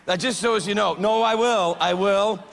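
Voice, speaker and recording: A man performing a stand-up comedy set on stage, animated and loud, shouting punchlines and slipping into mock voices. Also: high voice, moderate pace, gravelly. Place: large theatre with a live audience. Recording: live show with loud crowd noise.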